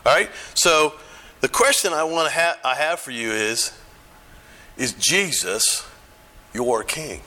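Middle-aged American man, bright voice, speaking in church, chatty and questioning. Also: a little high, animated, slow, long pauses. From United States. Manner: conversational, asks the audience questions. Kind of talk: church talk.

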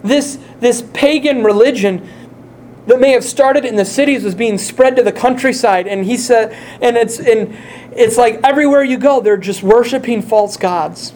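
A man's voice: very high voice, normal speed, darkish tone, slight background noise. A male pastor preaching a sermon, speaking earnestly and putting direct questions to his congregation.

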